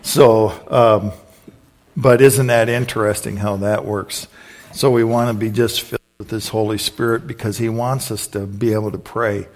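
A man preaching, telling a personal story in an animated, conversational way with sudden loud exclamations. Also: lowish voice, moderate pace.

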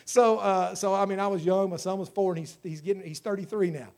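A middle-aged pastor delivers a sermon in a fairly high voice for a man. He moves between loud, fervent exhortation and low, hushed storytelling. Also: steady tone, a little fast. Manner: preaching with swings from shouting to hushed storytelling.

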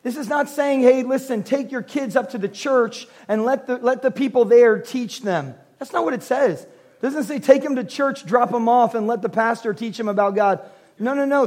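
High-voiced man preaching with humor. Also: normal speed, darkish tone. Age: 40s. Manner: humorous storytelling, earnest preaching. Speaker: pastor. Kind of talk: sermon.

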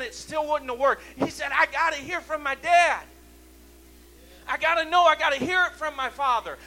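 A man preaching a sermon in a church service, impassioned, repeating refrains that swell loud and then drop low. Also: slight background noise, low-quality recording.

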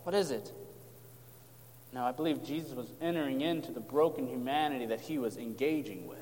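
A man preaching an expository sermon, calm as he explains and rising to impassioned emphasis. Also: mid-range voice, a little fast. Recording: long hall reverb.

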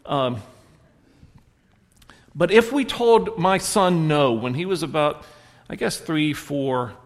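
A man preaching in a church, telling stories and swinging between soft reflective moments and animated punchlines. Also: a little high, slow, big-room sound. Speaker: pastor. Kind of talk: sermon. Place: church sanctuary.

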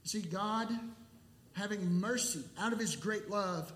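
A man delivers a sermon in a high, clear voice, leaning on words with deliberate pauses. He speaks slowly. The sound carries the echo of a large church sanctuary. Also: a bit bright. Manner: emphatic, deliberate preaching with pauses. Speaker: pastor.

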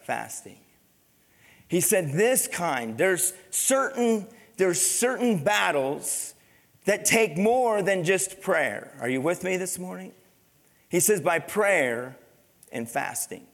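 A man with a high voice preaches to his congregation, reading scripture aloud and pausing to put questions to the listeners. His intensity swells and drops as he goes. The sound rings with the long reverb of a church hall. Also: sing-song, creaky, a bit bright. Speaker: pastor. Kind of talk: sermon. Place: church sanctuary.

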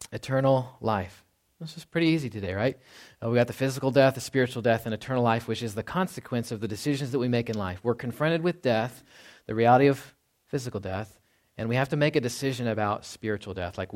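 A man giving a casual, conversational sermon as a pastor. He chuckles often and ends many points with "right?". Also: mid-range voice. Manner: drops to a hushed voice when quoting.

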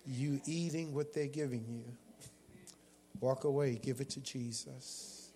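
A man preaching a sermon as a guest preacher, calling out to the congregation and shouting at times. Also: medium pitch, fairly even intonation, unhurried. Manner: call-and-response preaching with bursts of shouting. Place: church sanctuary. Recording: long hall reverb.

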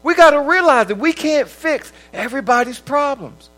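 A man with a high voice preaches a sermon in a loose, conversational way. He slips into little voices as he tells everyday stories, and laughter breaks through his talk. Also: expressive, moderate pace, a bit bright, low-quality recording. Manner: conversational, acts out quoted voices, laughs often.

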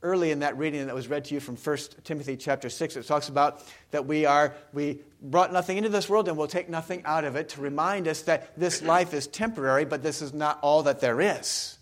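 A man's voice: fairly high pitch, brisk, hardly any pauses. A male pastor giving a sermon in a conversational way, often putting questions to the congregation.

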